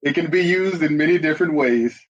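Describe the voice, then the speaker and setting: A man's voice: a little high, a little fast. A man co-hosting a casual studio chat show, playful and joking, often asking questions. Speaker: podcast co-host. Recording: slightly dull, muffled sound.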